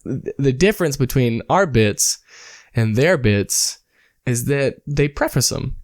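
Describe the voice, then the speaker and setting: A man's voice: medium pitch, expressive, unhurried, no room sound. Casting: young male co-host, crude, laughs a lot, dry close mic. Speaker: podcast co-host. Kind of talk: casual comedy chat.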